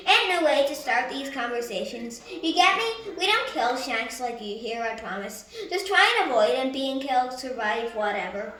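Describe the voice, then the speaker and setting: A gruff, impatient teenage boy leader, played by a woman reading a storybook aloud, rough and slangy, barking orders in a high, bright voice. The echo of the room hangs around every line. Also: expressive, normal speed, hardly any pauses, distant mic.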